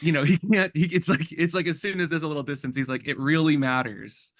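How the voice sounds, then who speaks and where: A man chatting casually about a novel, giving quick opinionated remarks. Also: on the high side, no echo. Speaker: book discussion participant. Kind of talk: casual chat.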